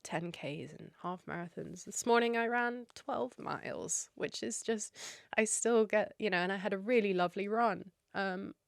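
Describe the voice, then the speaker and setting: A tearful woman hosts a solo podcast, talking earnestly and encouragingly to her listeners. Her voice sits fairly low with a gravelly edge. The sound is dry and close, with no room around it. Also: no echo. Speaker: podcast host.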